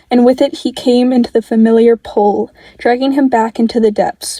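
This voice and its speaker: Woman reading fan fiction, mellow and dry. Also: a little high, no echo, poor audio. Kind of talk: audiobook-style story reading.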